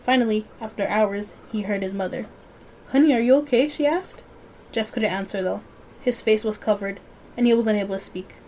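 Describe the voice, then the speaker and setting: A woman's voice: medium pitch, normal speed, a little mellow, slight background noise. A young woman reading a horror story aloud and breaking off to chat and joke with a friend. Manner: chatty, laughs and jokes between reading. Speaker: podcast co-host and reader.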